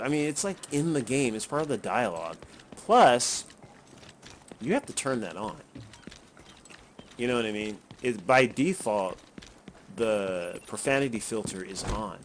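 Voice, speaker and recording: A man's voice: medium pitch, animated, unhurried, long pauses. A man giving casual, rambling commentary while he plays, chuckling and swearing freely. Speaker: gameplay commentator. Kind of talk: casual running commentary over gameplay. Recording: noticeable background noise.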